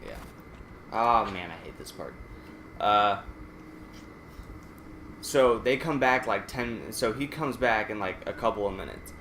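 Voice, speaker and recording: A man's voice: on the low side, animated, measured pace, pauses often, pushed and bright, slight background noise. A man casually telling a rambling, profane story while playing a game. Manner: profane, rambling anecdote with restarts. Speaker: let's play gamer. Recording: echoey room.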